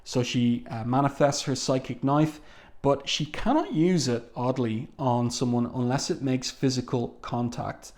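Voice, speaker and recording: Casual male comic reviewer, relaxed, talks through panels with ums. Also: medium pitch, unhurried. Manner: walks through panels, reads dialogue aloud, frequent ums.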